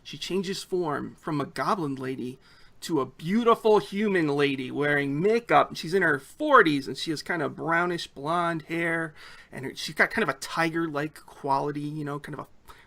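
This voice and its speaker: A man narrating a tabletop game as game master, telling the scene with animated storytelling. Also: fairly high pitch, normal speed, vocal fry.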